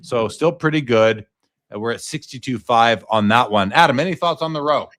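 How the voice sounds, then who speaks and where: A man's voice: mid-range voice, moderate pace, fairly bright tone. A man hosting a live sports card auction stream, reading out each lot's details and asking his guest for opinions. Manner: casual, reads out lot details and asks the guest questions. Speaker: host.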